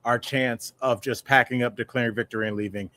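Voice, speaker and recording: A man's voice: medium pitch, steady tone, fairly quick, bright, forceful tone. A man co-hosting a comedic news podcast, rambling and joking, often mimicking tough-talking guys. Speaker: podcast co-host. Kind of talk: casual comedic news chat.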